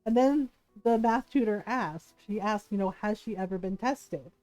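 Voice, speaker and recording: A woman's voice: mid-range voice, normal speed, dark tone, highs cut off, soft background music. A woman streamer telling a long personal story in a casual way, laughing often and acting out the people she quotes. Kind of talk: casual storytelling while gaming.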